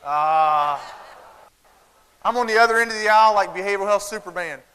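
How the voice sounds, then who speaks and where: In a large conference hall, a Southern-accented keynote speaker with a smooth, high-sitting voice races through a funny talk. He spins animated stories and performs the voices of both parents and children. Laughter from the audience rises over the venue's hall reverb.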